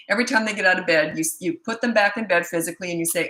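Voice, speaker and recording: Blunt, chatty woman coach, bright voice. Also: lowish voice, fast, few pauses, echoey room, rough recording. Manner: blunt, chatty, self-interrupting. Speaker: parenting coach. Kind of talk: casual live Q&A.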